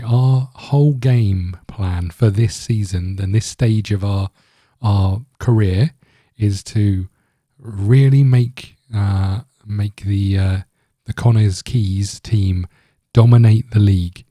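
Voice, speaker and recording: A man's voice: lowish voice, dark tone, no room sound, studio quality. A man hosting a casual gameplay commentary, rambling with many fillers and restarts. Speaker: gaming channel host.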